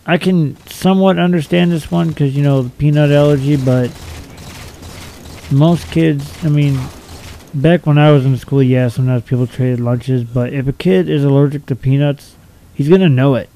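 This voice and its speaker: A man's voice: fairly high pitch, moderate pace, mellow, slight background noise, rough recording. A young man reading out silly laws and mocking each one in a blunt, profane, sarcastic way. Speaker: video commentator.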